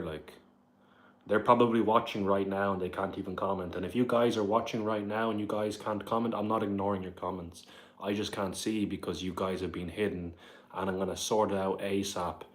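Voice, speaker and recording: Deep-voiced Dublin Irish man chatting. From Ireland. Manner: rambling, says "like" and "bro" often. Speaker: livestreamer. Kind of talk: casual livestream chat, reading comments aloud. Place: his apartment.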